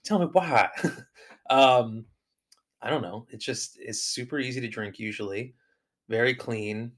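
A young man co-hosting a relaxed podcast conversation. His voice sits at a medium pitch. He talks loosely and opinionatedly, filling pauses with ums and circling back on his thoughts. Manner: opinionated, rambling with fillers. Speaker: podcast co-host. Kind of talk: casual chat.

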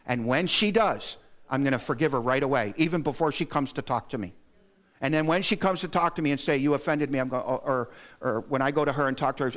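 A middle-aged male pastor delivers a sermon in a church sanctuary. He speaks earnestly in a mid-range voice, counting off practical points and pushing his pitch upward for emphasis. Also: fast talker. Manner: earnest and exhorting, lists points, rises in pitch to stress them.

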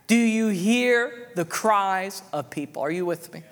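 A man preaching a sermon in a slightly high voice, his words ringing out in a long, hall-like reverb. He speaks fervently and repeats his points, punctuating them with amens and hallelujahs. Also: animated, unhurried, few pauses, a bit bright.

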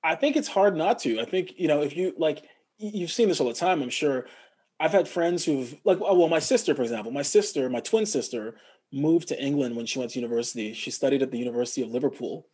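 A man from Montreal, an actor and guest in a casual interview, telling stories in an animated way and mimicking other people's voices. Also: fairly high pitch, fast, breathy edge. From Montreal, Canada.

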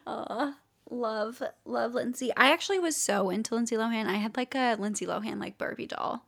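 A woman's voice: on the high side, moderate pace, creaky, a bit bright. A young woman co-hosting a podcast, easygoing and giggly, steering the chat with questions. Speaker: podcast co-host. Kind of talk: casual chat.

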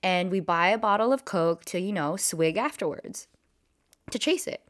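In a casual storytime, a young adult woman vlogger recounts a wild night out for her viewers, animated and chatty, jumping between moments and packing in "like" and "you know." Her voice is lowish, at normal speed.

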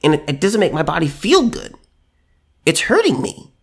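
A man's voice: on the high side, wildly swooping pitch, normal speed, vocal fry, husky, full character voice. A man plays a nervous, pleading man who stammers out his worries. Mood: anxious pleading. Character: anxious man worried after his vaccine.

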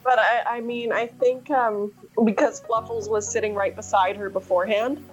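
A woman's voice: a little high, fairly even intonation, moderate pace, dull audio, faint music behind. A woman player in a tabletop game, talking through her character's actions in a hesitant, thoughtful way. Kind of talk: tabletop role-play narration.

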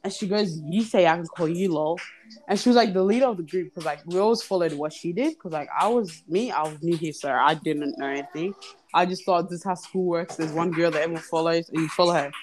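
A podcast guest, a young woman with a lowish voice, speaks quickly while recounting a long story in casual conversation. She animatedly acts out what others said, with children in the background.

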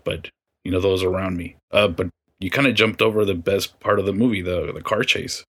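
A man chatting casually about a movie, relaxed and thoughtful, quoting lines. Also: low-pitched, fast talker.

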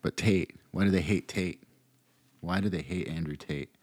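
A man's voice: low-pitched, normal speed, darkish tone, no room sound. A man hosting a podcast, giving meandering, sarcastic political commentary full of restarts, recorded close to the mic. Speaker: podcast host.

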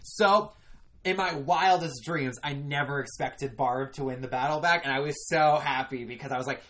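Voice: medium pitch, moderate pace, a bit bright. A co-host in a casual recap chat, steadily explaining game rules and what happened in each round.

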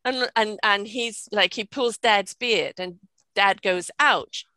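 An older woman and grandmother talking casually on a video call, animated and acting out the tones she uses with children. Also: medium pitch, slow pace, no room sound. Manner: animated, acts out scolding tones. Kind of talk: casual chat.

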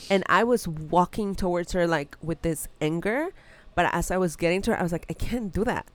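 A woman's voice: on the low side, a little fast, no echo. A mother in casual chat, telling a personal story in an earnest, reflective way, recorded on a close mic.

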